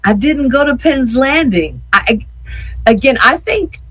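Husky-voiced chatty radio host. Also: sits high, animated, a little slow, a bit bright, no echo, low-quality recording. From Yeadon, Pennsylvania. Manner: chatty, repeats words, addresses listeners as y'all. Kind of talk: casual chat with listeners.

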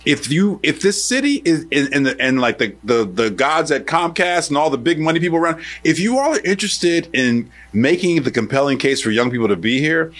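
A man's voice: on the high side, expressive, fairly quick, hardly any pauses, a bit bright. A man hosting an interview, making his case in emphatic lists. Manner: emphatic, building arguments in lists. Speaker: interview host. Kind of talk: radio interview.

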